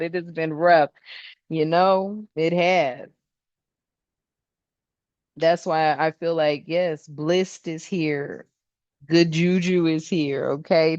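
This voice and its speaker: Woman, tarot reader, chatty and emphatic, slangy, low-pitched, dry dull recording. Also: no echo. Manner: chatty, emphatic, laughs often, slangy and expressive. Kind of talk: casual spiritual card reading.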